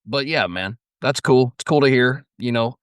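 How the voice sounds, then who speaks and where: A man's voice: medium pitch, normal speed, clear, resonant tone, no room sound. Easygoing man hosting a podcast. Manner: relaxed, affirming, says "man" and "yeah". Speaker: podcast host. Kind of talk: casual interview.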